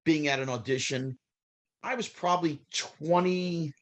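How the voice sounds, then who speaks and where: A man, a former child actor telling lively stories as an interview guest. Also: on the high side, normal speed. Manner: animated, acts out quoted people, restarts. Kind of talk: storytelling interview answers.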